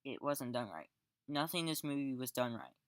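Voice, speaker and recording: A man's voice: mid-range voice, very animated, fairly quick, a bit bright, no echo, studio quality. A man giving a casual spoken film review, rambling with restarts and fillers and sarcastic, exasperated asides. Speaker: movie reviewer.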